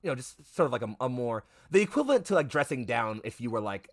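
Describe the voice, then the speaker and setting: A man's voice: medium pitch, sing-song, quick pace. A man running a tabletop game as game master, rambling through fillers and self-corrections, and swearing now and then. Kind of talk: narrating a tabletop game on stream.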